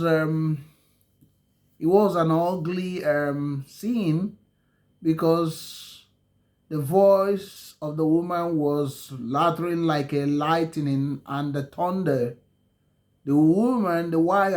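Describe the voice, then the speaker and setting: A man telling a story in a halting way, with many ums and self-corrections and slow dramatic phrasing. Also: fairly high pitch. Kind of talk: spoken storytelling.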